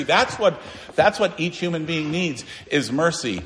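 Man, pastor, sermon, earnest, emphatic rises and quiet drops, church hall reverb. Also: fairly high pitch, big pitch swings, moderate pace. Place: church sanctuary.

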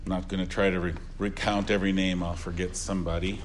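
Older pastor preaching an earnest funeral sermon. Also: male voice, low-pitched, little pitch movement, fast, slight background noise. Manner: earnest, rises and drops in loudness for emphasis, repeats phrases.

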